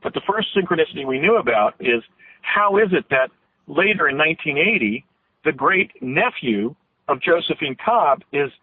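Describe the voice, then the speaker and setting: A man's voice: on the high side, lively intonation, normal speed, slightly rough, no echo. A man being interviewed as a guest on a radio show, telling a long story in earnest detail, his voice at times catching with emotion. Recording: tinny phone line, dry.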